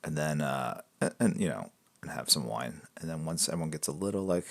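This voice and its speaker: Artist host on a live stream, a man with a low, creaky voice; easygoing, chatty, trails off into soft mumbles. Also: lively intonation, fairly quick. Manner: laid-back, rambling, reads out and answers viewer questions. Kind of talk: casual chat with viewers while drawing.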